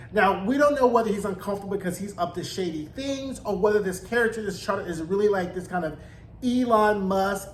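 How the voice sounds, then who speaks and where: A man giving a sassy, slangy, gossipy recap of a TV episode. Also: high voice. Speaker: TV recap vlogger. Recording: roomy echo, faint background noise.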